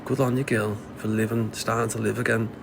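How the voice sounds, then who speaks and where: Gravelly Scouse man giving blunt advice. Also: lowish voice, little pitch movement, fairly quick, background noise. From Liverpool, England. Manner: blunt, sweary, preachy life advice. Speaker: live stream host answering viewer comments. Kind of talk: casual livestream talk.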